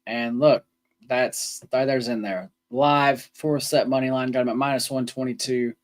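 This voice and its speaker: A man who co-hosts a sports betting podcast and talks through bets in a loose, rambling way. His voice sits at an average pitch for a man, and he often restarts his sentences. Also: fairly even intonation, normal speed. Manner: casual, rambling, many ums and restarts. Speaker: co-host.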